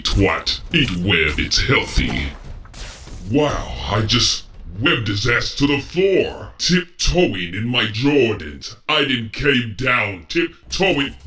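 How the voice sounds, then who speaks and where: A man's voice: medium pitch, sharp tone, heavily acted. A man voicing a smug, boastful male alien tyrant who trash-talks crudely while playing a game, in a comedic parody. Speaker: gameplay parody voice actor. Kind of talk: comedic gameplay parody voice acting.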